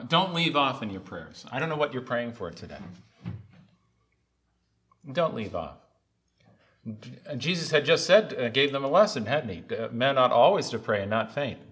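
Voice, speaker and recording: A male preacher delivering a sermon with a bright, forceful tone. He is earnest and repeats his key lines, swelling into loud, emphatic calls before easing back to a conversational level. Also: mid-range voice.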